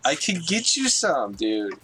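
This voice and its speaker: A man's voice: fairly high pitch, wildly swooping pitch, measured pace, bright, forceful tone, a little hiss or hum, poor audio. A man co-hosting a game stream, throwing in playful, needling quips. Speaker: co-host. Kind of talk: casual chat while streaming a game.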